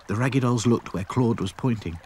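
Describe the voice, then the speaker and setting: A man narrating a children's cartoon story in an expressive way. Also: mid-range voice, brisk, a little hiss or hum. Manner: animated, expressive.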